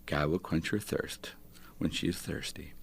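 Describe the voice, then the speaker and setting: A gentle mother soothing her child, spoken by a man in a very low, gravelly tone. The words come slowly and softly, often dropping toward a whisper. Read as a poem on the radio. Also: a little hiss or hum, full character voice. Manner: soft, reassuring.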